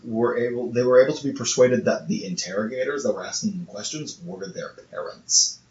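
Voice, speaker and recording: A man's voice: mid-range voice, fairly quick, a crowd in the background. A man co-hosting a casual podcast, stumbling over repeated words as he reads testimonies aloud. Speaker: podcast co-host. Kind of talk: casual chat. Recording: echoey room, muffled lo-fi sound, faint hiss.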